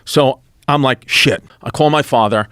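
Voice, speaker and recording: A man's voice: mid-range voice, brisk, no echo, studio quality. A comedian telling a story from his life, swearing freely and acting out the dialogue. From New York. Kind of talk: stand-up storytelling.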